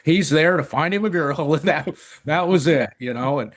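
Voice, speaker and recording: Earnest and casual, a middle-aged recovery podcast guest shares his own recovery story, frequently restarting and repeating words. He speaks at a normal speed in a voice that's on the high side.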